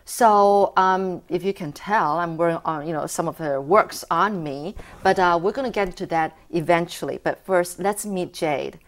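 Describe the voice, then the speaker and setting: A woman's voice: fairly low pitch, moderate pace, hardly any pauses. A woman hosting an interview in a filming studio. She talks in a chatty way, with lots of "you know" and "uh" fillers. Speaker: interview host. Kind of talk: interview chat.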